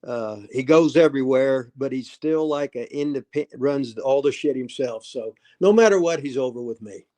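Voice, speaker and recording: A man in his seventies hosting a casual livestream, talking in a rambling, gruff way that trails off and restarts. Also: medium pitch, normal speed, a little mellow. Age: 70s. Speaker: host.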